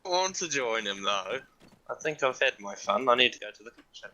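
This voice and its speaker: A man makes offhand, laid-back remarks while gaming with his friends. His voice is bright at an ordinary pitch. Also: big pitch swings, fairly quick, poor audio. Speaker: friend playing along. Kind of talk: casual in-game chat.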